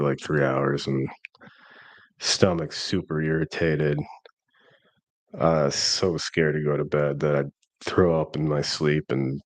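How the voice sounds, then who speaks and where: A man's voice: a bass voice, no room sound. A man in his thirties telling a rambling, self-deprecating personal story in a casual vlog. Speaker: vlogger.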